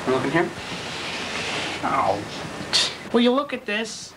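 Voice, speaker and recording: A man's voice: high voice, big pitch swings, slow, heavily acted. A teenage boy acting as an exasperated, sarcastic homeowner who keeps grumbling about intruders in his house. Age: teens. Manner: exasperated, sarcastic, shouting now and then. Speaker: annoyed homeowner. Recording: hissy lo-fi home video.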